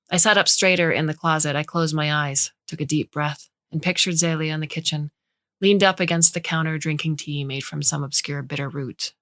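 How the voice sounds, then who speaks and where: Low-voiced woman reading a story. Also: fairly bright tone, dry recording, clean studio sound. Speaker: story reader. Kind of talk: scripted narration.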